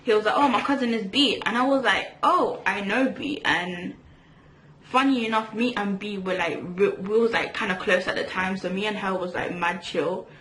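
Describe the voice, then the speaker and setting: A young woman chats through a makeup storytime, rambling and restarting her sentences as she goes. Her voice sits at a middle pitch and rings in an echoey room, with a faint hiss underneath. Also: moderate pace, fairly bright tone. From England. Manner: chatty, rambling, lots of fillers and restarts. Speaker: vlogger. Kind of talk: storytime chat while doing makeup.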